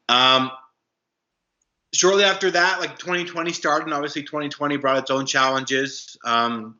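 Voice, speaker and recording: A young man talks through a personal story in a loose, casual way, stopping often with fillers and restarting sentences. His voice is very bright and tense, at a middling pitch, and the recording sounds slightly dull and lo-fi. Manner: halting, many fillers and restarts. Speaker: podcast guest, anti-trafficking worker.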